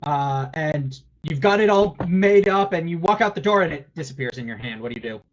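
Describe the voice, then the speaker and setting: A man's voice: on the high side, expressive, a little fast, lo-fi sound. A man running a tabletop game as dungeon master, casual and amused, laughing often.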